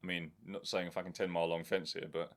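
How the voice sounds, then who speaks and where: Dry-humored man, low voice. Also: level tone, fast. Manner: dry teasing banter, swears. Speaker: podcast co-host. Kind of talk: casual chat.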